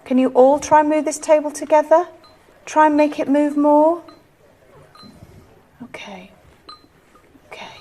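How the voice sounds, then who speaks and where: A woman leading a ghost-hunt séance, asking soft, coaxing, pleading questions. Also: high-pitched, level tone, moderate pace, few pauses. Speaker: séance leader.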